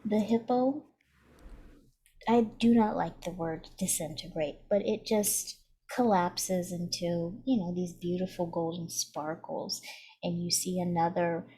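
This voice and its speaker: Lady running a dice game, slow measured narration, amused. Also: on the low side, steady tone, mellow, slight background noise. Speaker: game master.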